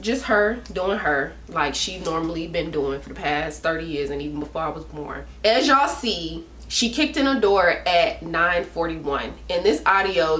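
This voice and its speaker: A woman's voice: fairly low pitch, a bit bright, echoey room. A woman telling a personal story in a casual storytime vlog, talking emphatically with slang and repeating herself for stress. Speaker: vlogger.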